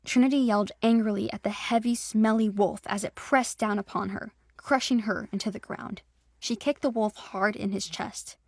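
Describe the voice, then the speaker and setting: A woman's voice: mid-range voice, fairly even intonation, moderate pace, no echo, studio quality. A woman narrating a fantasy audio drama with dramatic storytelling.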